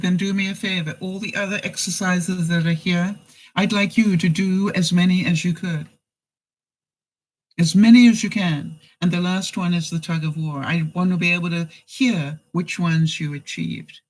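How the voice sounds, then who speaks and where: A man with a high-pitched voice, captured in a low-quality recording, tells a story during a casual live stream. A vlogger answering live chat, he's folksy, calls commenters by name, and says "you know" a lot.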